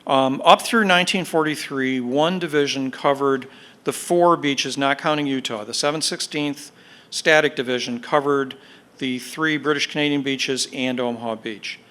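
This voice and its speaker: A man giving a history lecture to an audience, explaining in a measured way with fillers and emphatic stresses. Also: mid-range voice, a bit bright. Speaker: guest speaker, military historian. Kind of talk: podcast lecture.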